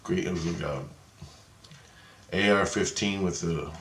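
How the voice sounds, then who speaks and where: A man telling a rambling story in a monologue, excitable and cursing freely, retelling a conversation line by line. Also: sits low, unhurried, roomy sound, low-quality recording. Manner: excitable, swears freely, retells dialogue with many "I go, he goes". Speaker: vlogger.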